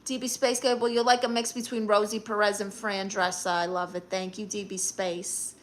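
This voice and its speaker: A woman's voice: mid-range voice, flat delivery, moderate pace. A woman with a Brooklyn accent hosting a live stream, reading viewer comments aloud and answering them in a sassy, brash way. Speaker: livestream host.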